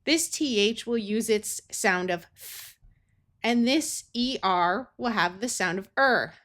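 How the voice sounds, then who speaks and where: An American woman working as a reading tutor teaches a phonics lesson, carefully sounding words out in parts. Her mid-range voice is expressive and fairly bright, and she speaks at a slow pace.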